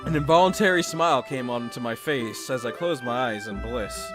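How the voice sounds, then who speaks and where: A man reading a visual novel aloud with joking commentary, laughing at himself and dropping low for the narration. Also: normal speed. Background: game music.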